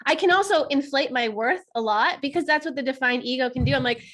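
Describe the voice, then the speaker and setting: A woman co-hosting a casual podcast chat, animated and laughing often, acting out little quotes in different tones. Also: sits high, fast talker, few pauses. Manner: animated, acts out quotes with shifting tone. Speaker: co-host.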